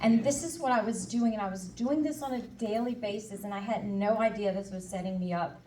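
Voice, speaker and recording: A woman's voice: mid-range voice, fairly quick, far from the mic, noisy background. Candid woman speaking in an echoey hall. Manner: candid, acts out her own inner voice and dialogue. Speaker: conference speaker. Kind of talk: personal testimony talk. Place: conference hall.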